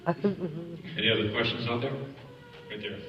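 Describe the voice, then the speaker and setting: A man's voice: mid-range voice, lively intonation, a little slow. A man moderating a film Q&A, prompting the audience with brief questions. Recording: echoey hall from far off, dull audio.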